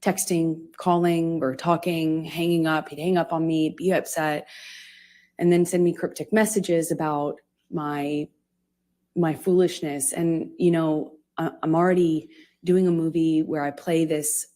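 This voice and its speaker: A woman testifying as a witness in court, speaking haltingly with frequent restarts. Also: low voice, little pitch movement, dark tone. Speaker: trial witness.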